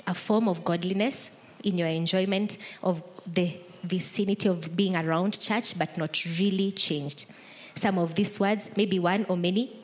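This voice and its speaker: A woman pastor preaching a sermon in a conversational way, acting out the thoughts of imagined churchgoers. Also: lowish voice.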